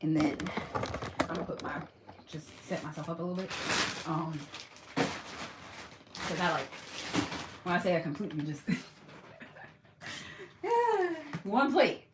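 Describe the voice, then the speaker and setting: A woman's voice: lowish voice, sing-song, slow, pauses often, echoey room. A young woman vlogging in casual chat, talkative, laughing often and swearing freely. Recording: noisy home recording.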